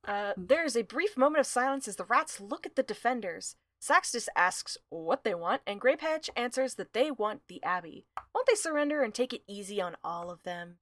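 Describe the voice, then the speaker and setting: A woman co-hosting a podcast, recapping a story's plot in a relaxed way with frequent "uh"s. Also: a little high, normal speed, few pauses, no echo. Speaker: podcast co-host. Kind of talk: casual book discussion and plot recap.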